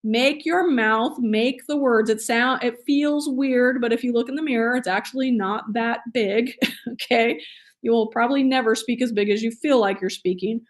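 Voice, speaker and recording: A woman instructor giving a recorded training lecture, chatty and enthusiastic, with fillers and small laughs. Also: fairly high pitch. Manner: energetic and enthusiastic.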